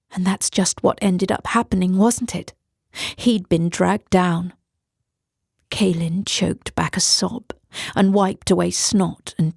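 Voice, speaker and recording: A woman narrating a horror audiobook in a measured way. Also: mid-range voice, gravelly, a little mellow, slightly rough, dry recording, studio quality.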